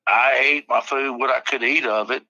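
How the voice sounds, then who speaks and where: A man's voice: mid-range voice, steady tone, normal speed, sharp tone, no room sound, muffled recording. A man in a casual podcast chat, telling rambling stories full of swearing. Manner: profane, rambling storyteller. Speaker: podcast guest or co-host.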